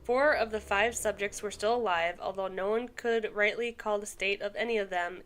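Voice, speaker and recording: A woman's voice: mid-range voice, moderate pace, fairly bright tone. Young woman podcast co-host, mid-range voice, reads a story aloud with chatty asides. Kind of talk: casual podcast chat, reading a story aloud.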